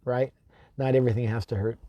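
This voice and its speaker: A man, a shamanic drum healer, giving a heartfelt live-streamed spiritual talk, slow and repetitive with chanted invocations, teary-eyed and speaking to his own camera. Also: mid-range voice, fairly even intonation, dark tone, no room sound, dull audio. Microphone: self-filmed camera.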